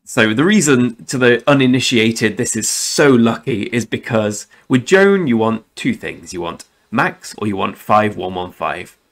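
A man's voice: mid-range voice, expressive, unhurried, hardly any pauses. Chatty man rambling through game commentary. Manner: rambling, self-correcting, chatty with mild swearing. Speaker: gaming channel host.

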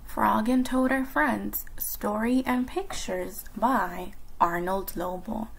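A young adult woman reading a children's storybook aloud for a library, narrating and explaining slowly and clearly to young listeners. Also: medium pitch, a little hiss or hum, low-quality recording.

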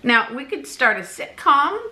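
A woman vlogger chatting casually to her camera, animated and talkative, often laughing. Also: high-pitched, measured pace. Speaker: weight-loss vlogger.

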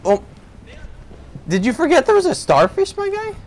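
A young man hosting a casual gaming session with friends over voice chat, animated and yelping at jump scares. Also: very high-pitched, fast talker. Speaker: gaming host.

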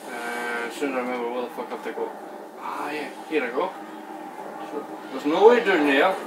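A Scottish man playing a video game, swearing constantly and shouting at the screen. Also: medium pitch, steady tone, brisk, far from the mic. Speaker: gamer playing a shooter. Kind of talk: live reactions while gaming. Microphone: camera across the room. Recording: echoey room, off-mic, background noise.

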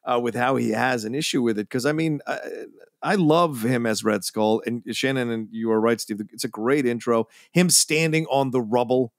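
A man's voice: mid-range voice, moderate pace, dry recording. Podcast guy gushing about a movie, swears a bit, dry mic. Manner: enthusiastic, rambling, swears casually. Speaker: podcast co-host. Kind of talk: casual film discussion.

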